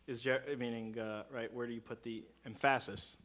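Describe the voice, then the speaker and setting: A man chatting casually as a conversation partner, lively and quick, acting out stressed words to make his point. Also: medium pitch. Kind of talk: casual chat.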